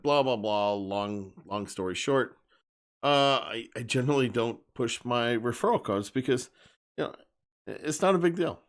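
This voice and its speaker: A man hosting a live stream, speaking bluntly and emphatically in a casual rant and often repeating himself. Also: on the low side.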